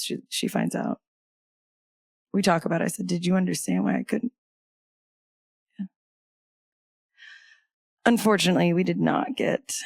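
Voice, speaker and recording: A woman's voice: lowish voice, no echo. Candid woman telling a grief story. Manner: candid, wry humor mixed with grief. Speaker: podcast guest. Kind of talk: personal storytelling in conversation.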